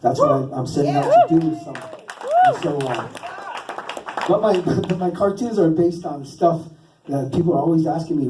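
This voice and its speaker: A man doing stand-up storytelling, rambling and interrupting himself with a deadpan, teasing manner. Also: a little high, moderate pace. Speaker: stand-up comedian and cartoonist. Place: stage in a venue. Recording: roomy, distant live stage recording.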